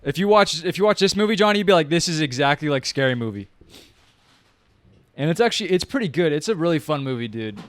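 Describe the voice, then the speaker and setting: Young dude chatting about a movie, rambly, lots of likes and ums, dry close sound. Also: male voice, a little high, animated, quick pace, fairly bright tone, no room sound. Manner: rambling, slangy, many fillers and restarts. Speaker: movie reviewer. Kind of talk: casual movie review chat.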